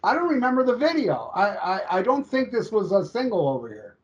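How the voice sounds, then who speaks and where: A man co-hosting a casual music podcast, jokey and quick to laugh, retelling anecdotes. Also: high-pitched, wildly swooping pitch, breathy edge, highs cut off. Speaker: podcast co-host reviewing an album. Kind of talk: casual chat.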